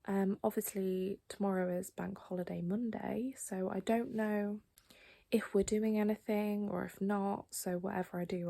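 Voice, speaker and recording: A young woman from England chatting casually to camera at home at night, often dropping to a soft whisper. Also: mid-range voice, gravelly. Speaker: vlogger.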